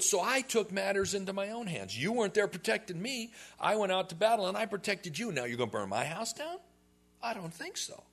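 Male preacher, mid-high voice, very animated delivery, casual storytelling sermon. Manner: animated storytelling, acting out biblical figures in casual modern slang. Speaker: pastor. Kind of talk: expository sermon.

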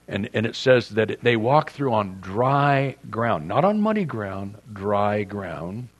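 A man's voice: medium pitch, lively intonation, measured pace, few pauses. A man preaching a sermon as a pastor, in a conversational, joking storytelling manner.

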